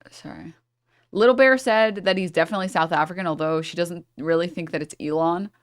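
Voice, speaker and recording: A woman's voice: lowish voice, fairly quick. A woman streamer reading a news article aloud and breaking off with sarcastic asides and apologies for her misreadings.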